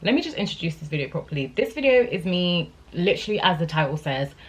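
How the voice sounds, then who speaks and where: A woman's voice: fairly low pitch, big pitch swings, fast talker, breathy edge, low-quality recording. A woman in her late twenties talking candidly to camera in a chatty, emotional, rambling vlog. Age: 20s. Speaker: vlogger.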